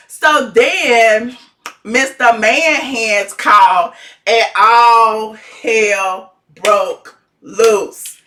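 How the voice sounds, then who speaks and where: Lady dishing gossip, dramatic, squeals up high, sounds kinda far from the mic. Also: very slow, slight background noise. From Atlanta, USA. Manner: sassy, dramatic, swoops into high shouts. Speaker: gossip vlogger. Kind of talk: animated gossip commentary.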